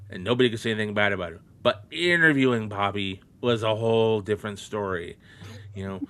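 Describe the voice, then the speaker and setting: A man hosting a podcast, chatting casually and reflecting warmly on old wrestlers. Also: on the low side. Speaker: podcast host. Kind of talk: casual chat.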